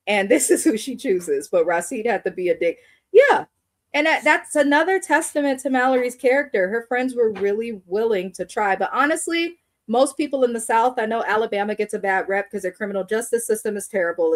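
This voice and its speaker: A young adult woman hosting a live reaction review in a blunt, opinionated, casual way, reading chat comments aloud. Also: medium pitch. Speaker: livestream reaction host.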